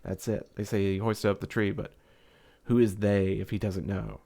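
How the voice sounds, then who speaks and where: A man's voice: on the low side, fairly even intonation, moderate pace, creaky, dark tone. A man hosting a let's-play, commenting wryly and playfully on his choices as he plays. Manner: wry, playful. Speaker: gaming channel host playing a game.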